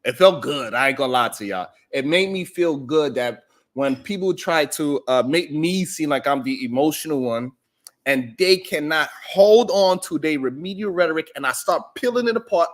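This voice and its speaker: A man's voice: fairly high pitch, fairly bright tone. A man hosting a livestream, talking casually to his chat in a joking, boastful way and laughing often. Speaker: livestream show host.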